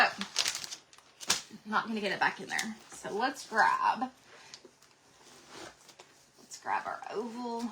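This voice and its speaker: A woman's voice: medium pitch, noisy background. Bubbly woman hosting a craft livestream. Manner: bubbly, gushing, chatty, talks to viewers in the chat. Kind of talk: casual craft livestream chat.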